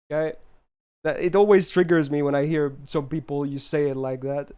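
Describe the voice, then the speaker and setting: Ranting game streamer, a man on the high side. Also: fairly even intonation, normal speed, a little mellow, clear, resonant tone. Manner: ranting, emphatic, talks back to chat. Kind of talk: live-stream chat while gaming.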